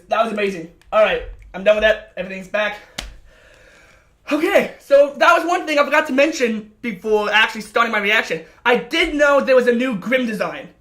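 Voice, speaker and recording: A man giving excited, breathless reaction commentary on a show, gushing and swearing with stammered restarts. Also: sits high. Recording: roomy room, faint music behind.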